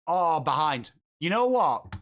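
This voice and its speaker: A man's voice: fairly high pitch, big pitch swings, takes it slowly, fairly bright tone. An English man hosts a live football watchalong stream. He chats casually and answers viewers' comments while reacting to the game. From England. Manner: chatty, reads and answers viewer comments while calling the play. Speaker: host of a live footy watchalong.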